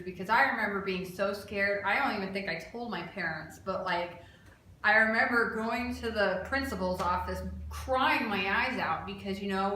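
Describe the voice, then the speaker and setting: Young woman, bright voice, earnest and emphatic, casual vlog talk, heavy room echo. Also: medium pitch. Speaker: restaurant server sharing her experience with epilepsy. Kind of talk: personal awareness vlog. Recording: very echoey room, faint background noise.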